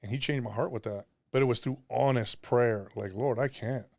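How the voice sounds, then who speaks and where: A man's voice: mid-range voice, a little fast, gravelly, a little mellow, no room sound, clean studio sound. A man guest on a podcast, talking earnestly and confessionally about prayer, often acting out what he said to God. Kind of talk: candid faith conversation.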